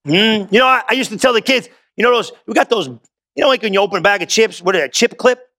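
A male pastor preaching in a loose, street-talk manner, full of quick questions to his listeners. His voice sits high for a man and rings bright and forceful. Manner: casual, slangy preaching with call-and-response questions. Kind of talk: sermon.

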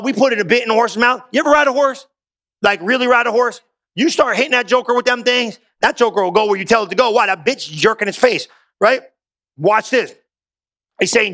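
High bright-voiced preacher man, slangy. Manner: casual, slangy preaching with call-and-response questions. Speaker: pastor. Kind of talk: sermon.

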